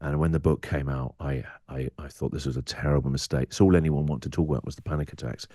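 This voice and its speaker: A man's voice: very deep voice, fairly even intonation, fast, mellow, dry recording, studio quality. A middle-aged English radio presenter speaking candidly as a podcast guest, acting out his inner voice in quoted asides.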